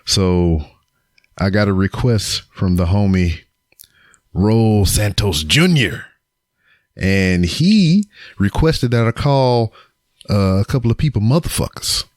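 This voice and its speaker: A man's voice: lowish voice, expressive, takes it slowly, long pauses, darkish tone, no echo, studio quality. A man hosting his own podcast, talking casually to camera and cursing through a joking roast. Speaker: podcast host. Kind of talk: casual solo podcast segment. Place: home recording setup on camera. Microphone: camera with mic.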